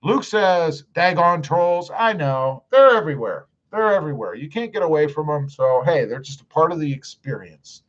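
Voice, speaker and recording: A man's voice: on the high side, animated, moderate pace, few pauses. A man hosting a casual live stream, reading viewer comments aloud in an easygoing, drawling way with lots of "uh" fillers. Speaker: YouTube live-stream host. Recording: dull lo-fi stream audio.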